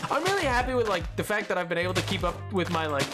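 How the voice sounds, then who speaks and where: A game streamer from Britain talks in a loose, rambling way, cutting themselves off and circling back. The pitch swings widely up and down from one phrase to the next. Clear music plays under the voice through the stream mix. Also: very animated, racing. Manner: rambling, playful, self-interrupting. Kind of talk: casual live-stream chat. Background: background music from the stream.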